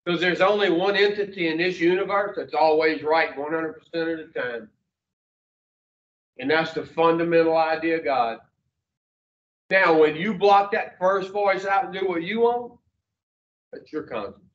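Here a man with a voice on the high side takes his time, giving a small roomful of listeners a profane, straight-talking motivational speech. He asks them questions in a homespun way. The recording comes across as distant, dull, and reverberant.

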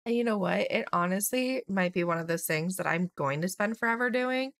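Young gamer girl, kinda hoarse, rambly let's play chatter w lots of "like", dry sound. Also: medium pitch, brisk, fairly bright tone, no echo. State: slightly hoarse. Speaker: gaming YouTuber.

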